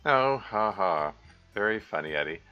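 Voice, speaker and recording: A man's voice: on the low side, lively intonation, normal speed, smooth, lo-fi sound, soft background music, close to an everyday voice. A man with a put-on British accent voicing an awkward, flustered schoolboy protagonist in a visual novel.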